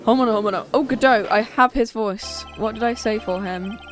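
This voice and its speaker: A woman's voice: on the high side, normal speed, a bit bright, faint music behind. A woman streamer giving casual commentary on a game she plays, chatty and reading the lines aloud. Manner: chatty, laughs and does character voices.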